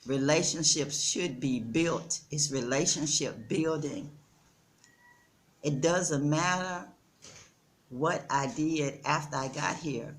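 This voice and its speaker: Slow-talking Texan woman in her sixties. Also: deep voice. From Texas. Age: 60s. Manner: slow, earnest, addresses viewers as y'all. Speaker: vlogger. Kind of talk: casual chat. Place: outdoors in the Gambia.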